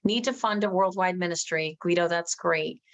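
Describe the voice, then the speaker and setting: A woman giving an emphatic motivational training talk to her team, talking quickly and restarting often. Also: on the low side, highs cut off. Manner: energetic, emphatic, reads out viewers' comments.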